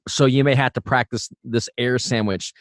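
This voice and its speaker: A man teaching singing in a relaxed, chatty way, full of fillers and restarts. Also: medium pitch, moderate pace, no room sound, studio quality. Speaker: vocal coach. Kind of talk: casual instructional talk.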